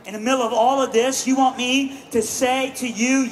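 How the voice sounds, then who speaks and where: A man, speaking at a live benefit event in an animated, joking, self-deprecating storytelling sermon. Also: very high voice, normal speed, hardly any pauses. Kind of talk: humorous personal storytelling sermon. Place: large live event venue. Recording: distant mic with crowd and room noise.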